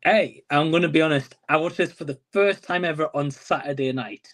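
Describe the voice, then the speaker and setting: A man's voice: a little high, a little fast, a bit bright. A man appearing as a guest on a live movie-review stream, talking in an easygoing, enthusiastic way with plenty of fillers. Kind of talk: casual conversation.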